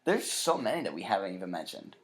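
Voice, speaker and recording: A man co-hosting a podcast in relaxed, casual chat. He is easygoing and often answers with short, agreeing replies. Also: low-pitched, fast talker, crowd noise. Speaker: podcast co-host.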